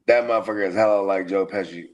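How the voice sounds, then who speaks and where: A man's voice: deep voice, steady tone, quick pace, dull audio. A middle-aged man, a podcast host, telling stories in loose, profane casual chat. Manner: profane, laid-back storytelling.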